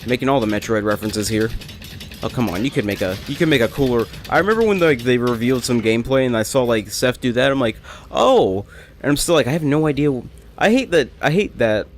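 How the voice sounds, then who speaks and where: A man's voice: mid-range voice, expressive, fast, slight background noise. A young man rambling and joking through casual gameplay commentary, often correcting himself mid-sentence. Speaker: let's play gamer.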